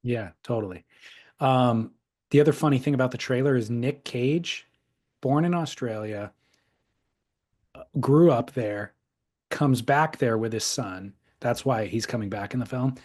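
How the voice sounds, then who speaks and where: A man's voice: medium pitch, measured pace, long pauses, a little mellow. A man co-hosting a podcast in casual chat, easygoing and wry, stretching his thoughts into long asides. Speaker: podcast co-host.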